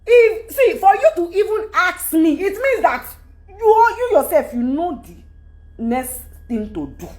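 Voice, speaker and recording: A Nigerian-accented woman in middle age talks in an emphatic, rambling way. Her voice sits high and swings widely in pitch. She drifts from point to point as she speaks. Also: very animated, measured pace, darkish tone. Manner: emphatic, rambling, switches into Yoruba. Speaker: celebrity speaking to followers. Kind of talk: candid monologue.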